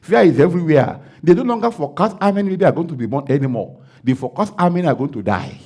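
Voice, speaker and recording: A Nigerian man, a pastor, preaching a sermon and acting out the dialogue of a story he tells, breaking into loud declarations. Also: fairly high pitch, expressive, very fast.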